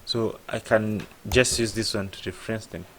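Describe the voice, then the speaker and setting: This man has a fairly low, steady voice with a touch of brightness, talking at a moderate pace against slight background noise. In a relaxed screen-share lesson on app programming, he reasons out loud, posing "what?" and then supplying the answer himself.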